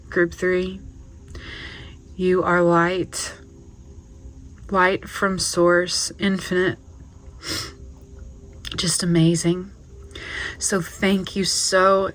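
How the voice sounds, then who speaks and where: A woman gives a spiritual tarot reading to her viewers, her voice sitting a little low for a woman. She is tearful and emotional throughout, gushing with heartfelt affirmations. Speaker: tarot reader.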